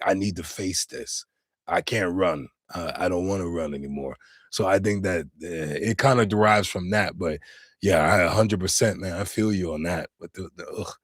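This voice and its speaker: A man hosting a casual livestream chat from his home in Finland, reading and reacting to the live chat in a lively, talkative way. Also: lowish voice, dry recording, studio quality. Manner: animated, chatty, laughs and exclaims often. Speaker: livestream host.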